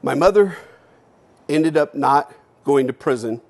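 A man giving a keynote speech, telling a personal story bluntly and candidly, swearing freely and moving between loud and hushed delivery. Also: on the high side, animated, unhurried, creaky. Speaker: keynote speaker. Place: lecture hall.

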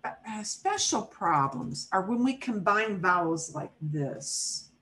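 A woman teaching a Spanish class over a video call, who models pronunciation by repeating words slowly and checks in often with her students. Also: mid-range voice, sing-song, fairly bright tone, rough recording. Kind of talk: online class instruction.

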